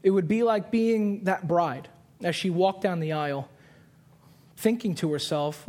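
A man in his twenties preaching a sermon, telling a story with animated voices and repeating key lines for emphasis. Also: high voice. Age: 20s. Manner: storytelling with animated put-on voices and quick asides.

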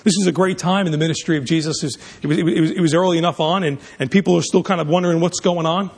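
Guy preaching a sermon, gravelly and raspy, keeps restarting his words. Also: a little high, steady tone, fast talker. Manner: emphatic preaching with frequent restarts.

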